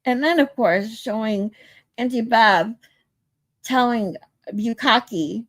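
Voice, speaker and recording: A fairly high-pitched woman speaks unhurriedly in a recording with no echo. She's a sleep-deprived livestream host, chatting loosely with her live viewers and reading their comments aloud.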